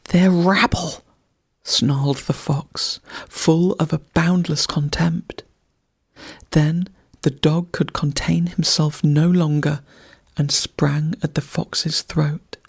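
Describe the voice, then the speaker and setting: An audiobook narrator reading a bedtime story in a soft, half-whispered voice. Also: medium pitch, flat delivery, takes it slowly, gravelly, slightly rough, no echo, studio quality.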